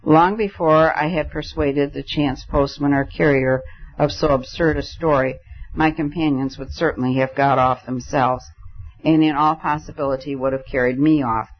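A man reading a first-person novel as an audiobook narrator, measured and storytelling. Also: mid-range voice, fairly even intonation. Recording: dull lo-fi recording.

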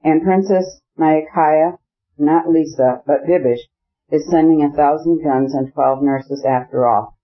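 A male narrator voicing an effusive, jovial middle-aged gentleman in an audiobook. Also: on the high side, fairly even intonation, measured pace, dull audio, natural voice. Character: beaming sociable gentleman, middle-aged man.

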